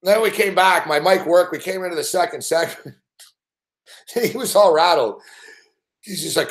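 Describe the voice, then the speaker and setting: Profane, animated man telling a story. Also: high-pitched, a little slow, pauses often. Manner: swears constantly, animated, laughs often. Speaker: sports betting show host.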